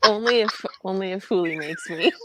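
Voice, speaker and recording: A woman's voice: mid-range voice, a little fast, bright, forceful tone, slight background noise. A woman co-hosting a casual podcast chat, dry and playful. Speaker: podcast co-host.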